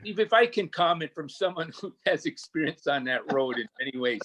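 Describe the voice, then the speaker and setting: A man's voice: a little high, lively intonation, brisk, fairly bright tone, slight background noise, low-quality recording. A man, the mayor, chairing a council meeting in a folksy, chatty way.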